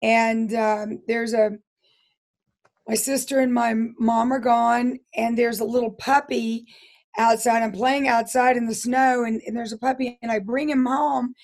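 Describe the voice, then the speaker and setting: A hoarse middle-aged woman, a guest telling her life story in an interview in an earnest, halting way with frequent restarts. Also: fairly high pitch, steady tone, darkish tone. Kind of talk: personal testimony interview.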